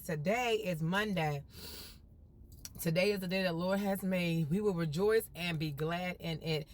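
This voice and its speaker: A woman's voice: on the low side, a little slow, a little hiss or hum. A woman live-streaming from a car on her phone, chatting casually with her viewers in a folksy, upbeat way. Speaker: vlogger.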